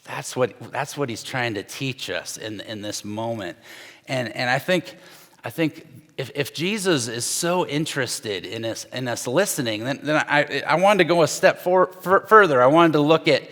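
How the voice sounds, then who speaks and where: A man's voice: mid-range voice, moderate pace, fairly bright tone. A middle-aged man, a pastor, preaching a sermon in a loose, conversational way with frequent restarts and acted-out quotes. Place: church sanctuary with long reverb. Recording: long hall reverb.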